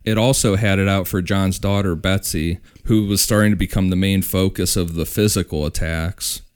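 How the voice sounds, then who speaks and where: A man with a very deep, clear voice who tells a ghost story at an easy pace. He stops now and then with "uh" to find the words. It is a laid-back podcast chat. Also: moderate pace. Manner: relaxed, with fillers and restarts. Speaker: podcast host. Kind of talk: casual storytelling.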